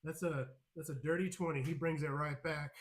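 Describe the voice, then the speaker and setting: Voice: medium pitch, fairly even intonation, a little fast. A game master narrating a tabletop game, laughing often and swearing casually. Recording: loud background music.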